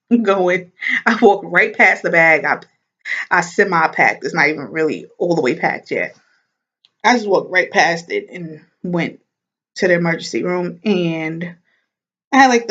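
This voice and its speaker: Woman vlogger, casual chat, lowish voice, animated, laughs a lot, muffled lo-fi sound. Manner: chatty and animated, laughs while talking.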